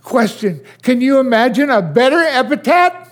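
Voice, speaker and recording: An older man preaching a sermon as pastor, asking his listeners question after question and dropping to a hush at times. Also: very high voice, very animated. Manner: slow, questioning preacher who swings from loud to hushed.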